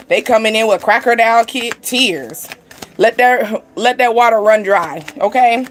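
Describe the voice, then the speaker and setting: Young woman, tarot reader, loose chatty delivery, voice sitting a touch high. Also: normal speed, a little hiss or hum. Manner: rambling, chatty, heavy use of "like" and "you know". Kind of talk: casual spiritual reading to camera.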